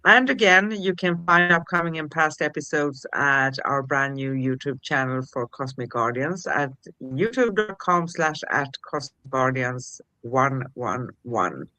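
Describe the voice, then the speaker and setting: A woman co-hosting a spiritual livestream, talking gently and reading affirmations in a soothing way. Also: a bass voice, lively intonation, unhurried, hardly any pauses, dry recording, poor audio. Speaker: co-host.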